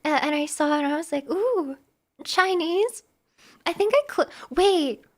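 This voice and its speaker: Very high-voiced giggly young woman. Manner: giggly, animated, talks fast with many restarts. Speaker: live streamer. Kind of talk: casual chat with stream viewers.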